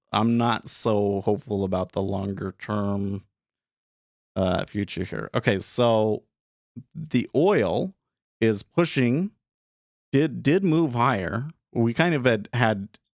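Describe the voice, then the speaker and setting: Man, low voice, dry close sound, casual livestream host, rambling with fillers. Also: no echo. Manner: rambling, many fillers and restarts. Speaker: day trading livestream host. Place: home studio room.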